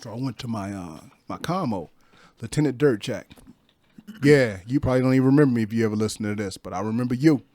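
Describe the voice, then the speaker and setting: A man in his fifties, a guest on a podcast, telling stories in a slangy, profane, animated way in a studio. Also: mid-range voice, fast talker, no room sound. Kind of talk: casual storytelling.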